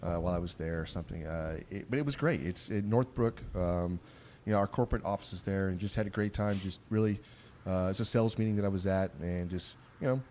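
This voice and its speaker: A man hosting a barbecue podcast, telling stories in a casual, rough-spoken, rambling way with lots of restarts. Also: low voice, fast talker, a little mellow, a little hiss or hum. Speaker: podcast host. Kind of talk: casual chat. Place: on location at a barbecue trade conference.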